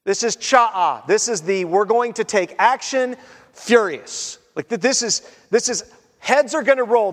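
A man preaching a sermon as pastor, animated, often acting out quotes and voices. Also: high-pitched, in a large hall.

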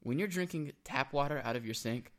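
A man's voice: medium pitch, a little fast, fairly bright tone. A young man co-hosting a casual comedic chat, joking and acting out text messages in quoted voices. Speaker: co-host. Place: indoor room with laptop.

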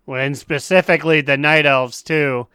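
A man with a smooth, slightly high voice co-hosts a podcast and makes wry, quick jokey asides. The sound is dry and close, with little room. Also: fairly even intonation, pushed and bright, no room sound. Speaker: podcast co-host. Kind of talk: casual chat.

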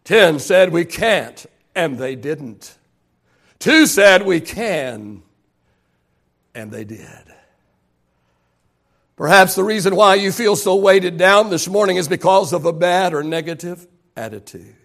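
A man preaching in a church with a high, gravelly voice. He preaches emphatically, urging the congregation to say lines back to him. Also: lively intonation, a little slow, long pauses, fairly bright tone. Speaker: pastor. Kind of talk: sermon. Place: church sanctuary.

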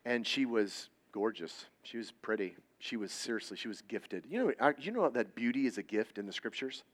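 A man preaching a sermon at youth services, telling personal stories bluntly and with jokes, his volume swinging between loud and hushed. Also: lowish voice, expressive, moderate pace. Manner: blunt, joking storytelling.

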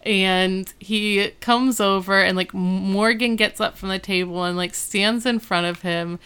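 Woman with a smooth, clear voice. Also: mid-range voice, a little slow. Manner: animated, retells scenes with quoted lines. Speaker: podcast co-host recapping a TV episode. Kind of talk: casual chat.

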